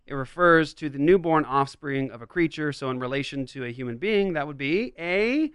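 A fairly high-voiced man hosts a commentary show, reacting to an interview clip. He talks emphatically, with big swings in pitch and loudness. The sound is dry and close, with no room echo. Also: animated, normal speed, clean tone. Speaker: podcast host.

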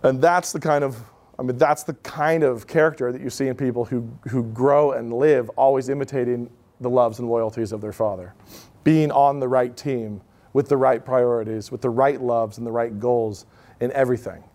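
A man's voice: medium pitch, steady tone, normal speed, a little mellow. A man in his thirties giving an informal talk to an audience, telling stories in a conversational way with many asides. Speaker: speaker at a live event.

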